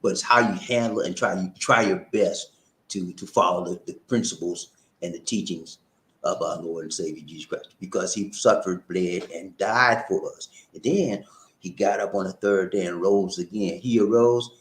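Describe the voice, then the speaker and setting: A man hosting a casual livestream, animated and breaking into sung catchphrases. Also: sits low, moderate pace, echoey room. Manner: animated, sings and shouts catchphrases. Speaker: livestream host. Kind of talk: casual live chat. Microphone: new noise-reducing mic.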